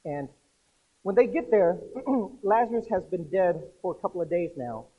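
A man preaching a casual sermon to a group, chatty and animated, acting out voices in his stories. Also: sits high, moderate pace, husky, phone-quality sound. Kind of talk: conversational sermon.

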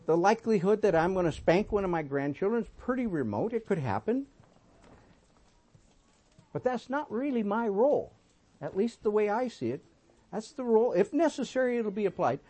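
High-voiced man in his sixties preaching. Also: big pitch swings, normal speed. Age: 60s. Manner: folksy storytelling, swinging between emphatic and soft. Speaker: pastor. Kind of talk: sermon.

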